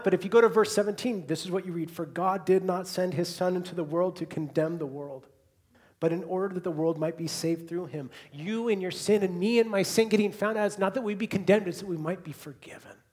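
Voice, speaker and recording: A pastor with a high voice preaches briskly to a congregation in a church hall, alternating between hushed, quiet repetitions and loud, emphatic bursts.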